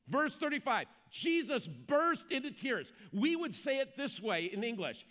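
A man preaching an Easter sermon as pastor, emphatic and slowing down to stress key phrases. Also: very high voice, sing-song, fairly bright tone.

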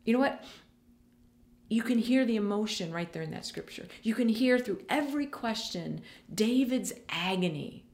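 A woman's voice: medium pitch, lively intonation, moderate pace, few pauses, darkish tone. An earnest woman delivers a sermon, speaking straight to her listeners. She leans on repeated phrases to drive each point home, in a mid-range voice. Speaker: preacher.

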